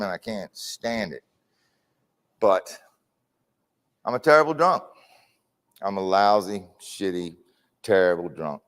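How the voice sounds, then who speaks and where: A man's voice: on the low side, clean tone. A middle-aged man giving a candid recovery testimony, repeating phrases for emphasis as he tells his story. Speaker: recovery speaker. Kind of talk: personal testimony talk. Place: correctional facility hall.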